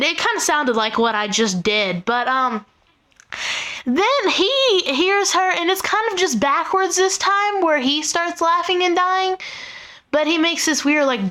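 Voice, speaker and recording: Teenage girl vlogger, high voice, rambling exasperated storyteller with lots of "like" and "um". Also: pushed and bright. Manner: rambling, exasperated retelling full of "like" and "um". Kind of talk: casual storytelling.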